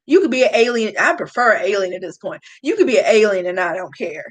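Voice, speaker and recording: A woman's voice: mid-range voice, lively intonation, fast talker. A woman, confiding in casual chat, emotional, sighing often. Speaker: beauty vlogger. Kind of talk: casual chat reading live comments.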